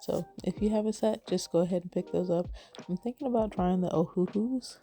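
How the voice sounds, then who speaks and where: A woman's voice: on the low side, a little fast, warm tone, faint music behind. A woman card-making crafter talking through her project in a chatty, rambling way with lots of fillers. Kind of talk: casual craft voice-over.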